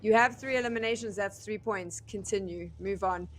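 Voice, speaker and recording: A woman commentating an esports match at a middle pitch, easygoing and chatty. She pokes fun at herself between her calls of the action. Faint ambient sound sits behind her. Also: normal speed, slight background noise. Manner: chatty, self-deprecating, laughs at her own slips. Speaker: esports caster. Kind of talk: play-by-play and analysis commentary.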